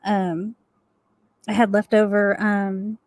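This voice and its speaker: A middle-aged woman co-hosting a live stream from home, spilling a story with plenty of swearing and quick laughs. Her voice sits at an ordinary pitch and sounds close and dry, with no room around it. She is animated and blunt throughout. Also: no echo. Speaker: co-host of a live stream chat. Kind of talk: casual profane storytelling.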